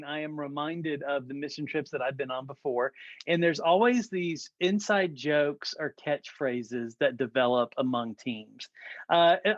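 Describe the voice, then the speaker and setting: A man's voice: on the high side, no echo, lo-fi sound. A man hosting a casual church podcast, interviewing a mission team with brief, encouraging replies.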